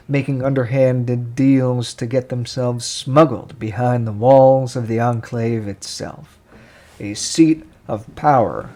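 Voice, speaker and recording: A man narrating a tabletop game as game master, slow and measured with pauses. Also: medium pitch, darkish tone.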